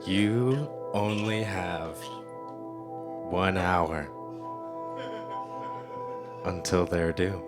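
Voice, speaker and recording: A man leading a parody guided meditation in a solemn, drawn-out way. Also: low voice. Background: music.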